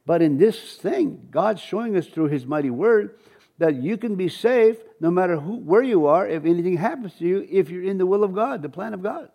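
A pastor with an Ojibwe accent preaching a sermon and reading scripture, halting often with restarts and fillers. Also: male voice, sits high, expressive, gravelly, dark tone.

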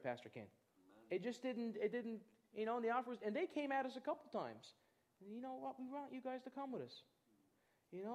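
A man preaching, telling a personal testimony in an animated storytelling way and acting out other people's voices. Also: sits high. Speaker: pastor. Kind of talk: testimony in a church sermon.

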